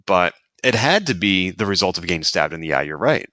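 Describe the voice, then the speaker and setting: Male co-host, lower voice, measured and analytical, dry close sound. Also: big pitch swings, bright, forceful tone, dry recording. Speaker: podcast co-host. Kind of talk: casual chat, analyzing a TV episode.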